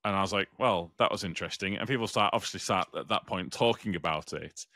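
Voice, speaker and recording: A British man co-hosting a podcast, telling a story in casual chat, animated and swearing freely. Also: sits low, fast, no room sound, studio quality. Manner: animated, swears freely, acts out other voices. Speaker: podcast co-host.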